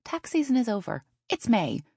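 A woman's voice: a little high, big pitch swings, moderate pace, a little mellow, husky, dry recording, clean studio sound, voice pushed up, exaggerated voice. A woman doing a sarcastic needling sister. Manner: mocking, needling.

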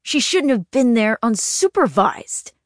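A woman's voice: mid-range voice, very animated, moderate pace, a little mellow, no room sound, studio quality. A woman voicing a tense, angry father. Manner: tense, raised and clipped. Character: angry, clipped husband and father. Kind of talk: audiobook narration.

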